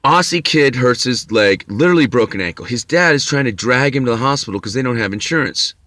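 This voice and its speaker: A middle-aged male vlogger delivers a ranting personal monologue about his own troubles, intense and bitter, swearing freely and stammering over restarts as his anger rises. His voice is sharp, bright and medium-pitched, fairly quick with lively intonation. The recording is dry and close, with no echo or room sound.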